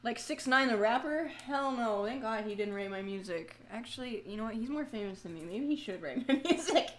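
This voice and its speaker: A woman with a fairly high voice chats with her live-stream viewers as she paints a pumpkin. She talks in a loose, self-mocking way, swears freely, and now and then bursts into loud, frustrated outcries. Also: expressive, brisk.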